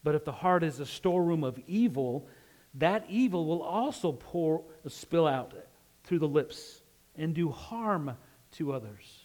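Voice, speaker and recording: A man's voice: on the high side, lively intonation, a little slow, darkish tone. A man from Utah with a slight Western drawl, preaching a conversational sermon and often asking "right?". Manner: conversational, asks "right?" often, laughs easily.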